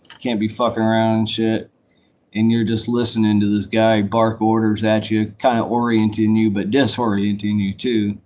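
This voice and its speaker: A man's voice: lowish voice, flat delivery, moderate pace, a little mellow, slight background noise. A man telling a rambling, casual story, swearing freely and circling back on himself. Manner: rambling, profane, loose and conversational. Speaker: vlogger telling a life story.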